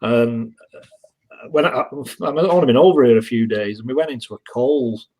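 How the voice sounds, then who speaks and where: A man's voice: medium pitch, normal speed, a little mellow, low-quality recording. Chatty Northern English man telling stories. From England. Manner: rambling anecdotes with frequent restarts. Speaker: guest reseller. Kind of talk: casual live-stream interview chat.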